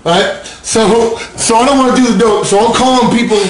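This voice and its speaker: A man speaking candidly to an audience about addiction and recovery, animated, laughing often and acting out the voices in his head. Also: high-pitched, quick pace, few pauses, echoey room, a little hiss or hum, poor audio.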